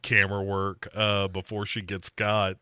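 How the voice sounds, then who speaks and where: A man's voice: on the low side, completely flat delivery, a little slow, pushed and bright, smooth, no echo. A man hosting a casual podcast and recapping a TV series, loose and profane, with lots of fillers. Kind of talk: casual chat.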